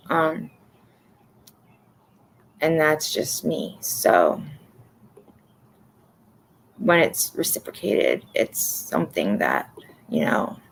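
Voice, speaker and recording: A woman's voice: low-pitched, fairly bright tone, slight background noise, poor audio. A sleep-deprived woman hosting a casual livestream, rambling candidly, swearing freely and laughing at herself. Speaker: livestream host.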